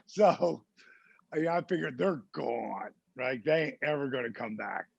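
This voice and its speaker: Gravelly, husky man telling a story. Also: mid-range voice, normal speed, dry recording, highs cut off. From New Jersey. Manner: animated anecdote teller who acts out the people he quotes. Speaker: podcast guest. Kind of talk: casual storytelling.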